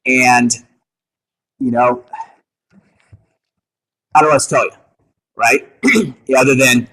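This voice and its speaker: A man leading a meeting for real estate agents, coaching them in an energetic way and often checking in with the room. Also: medium pitch, unhurried, pauses often, poor audio. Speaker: meeting leader at a realty office.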